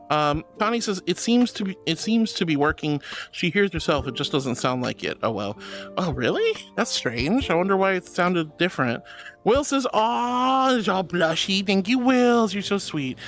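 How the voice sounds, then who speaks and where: A woman streaming live on a headset mic, chatting casually and reading chat aloud in a playful, animated, teasingly indignant way. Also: sits low, moderate pace, soft background music.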